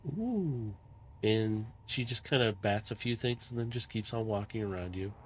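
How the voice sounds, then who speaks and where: A man running a tabletop game as game master, narrating a dream scene in a calm, meandering, descriptive way. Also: lowish voice, moderate pace, slight background noise.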